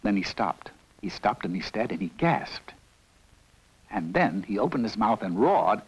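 Lively male storybook narrator. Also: unhurried. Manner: playful and expressive, wide swoops in pitch. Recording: dull lo-fi recording with loud music.

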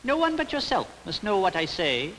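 A man's voice: high-pitched, huge pitch swings, normal speed, fairly bright tone, in a large hall, slight background noise, pitched above the performer's own voice, full character voice, rough recording. A man doing a wise little old bearded man. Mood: confiding. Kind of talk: storybook character voice. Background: background music.

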